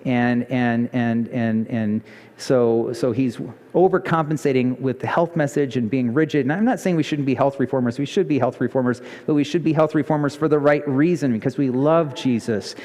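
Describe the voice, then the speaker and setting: A male pastor preaching a sermon, telling a story with lively emphasis and pitch jumps. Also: moderate pace. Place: church sanctuary. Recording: church hall reverb.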